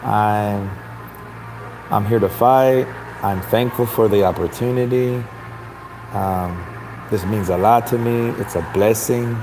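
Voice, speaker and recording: A man imitating a humble, soft-spoken male boxer, speaking slowly and haltingly. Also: on the low side, music in the background, voice pushed down, poor audio. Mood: meek. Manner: slow, halting, quiet.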